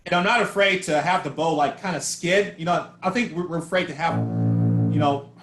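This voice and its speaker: A man coaching a bass student online in a loose, searching way, often repeating words as he thinks. His voice sits high, and the call picks up a roomy echo with bass notes now and then. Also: fairly quick, loud music behind the voice. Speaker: bass teacher. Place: home room on a video call. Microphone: video call mic. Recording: echoey room over a video call.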